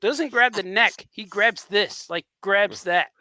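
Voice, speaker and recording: A man's voice: sits high, sharp tone, no room sound. A man hosting a podcast, chatting casually and telling a story with frequent laughs. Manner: quick reactions, laughing storyteller. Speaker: podcast host, comics creator. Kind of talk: casual chat.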